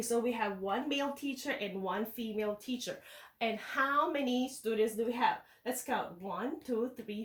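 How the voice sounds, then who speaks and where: A woman teacher reading a picture book aloud to young children in slow, sing-song teacher talk, checking in with them often. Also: on the high side, distant mic. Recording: echoey room, voice away from the mic.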